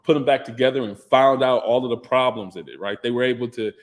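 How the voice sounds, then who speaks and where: Guy hosting a live stream, chatty, answers chat stuff, keeps saying absolutely, middle pitch. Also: quick pace. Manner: conversational, reads chat aloud, repeats "absolutely". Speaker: livestream host.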